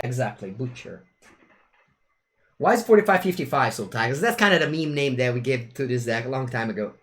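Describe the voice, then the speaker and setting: A young man with an Italian accent chatting casually with viewers while streaming a card game. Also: a little high. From Italy. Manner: chatty, animated, switches between English and Italian phrases.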